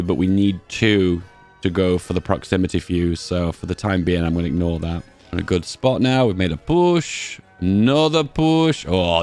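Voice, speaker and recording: A man giving casual, chatty commentary while playing a strategy game, thinking aloud and reacting excitedly to how it goes. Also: sits low. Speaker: gaming channel host.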